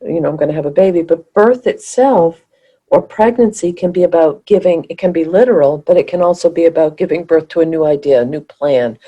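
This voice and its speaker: Husky low woman, dull lo-fi sound. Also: brisk, dark tone. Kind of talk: casual podcast conversation.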